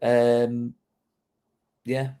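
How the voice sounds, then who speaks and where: A man co-hosting a casual fan podcast, talking in a measured, steady way. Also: medium pitch, clear, resonant tone. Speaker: podcast co-host.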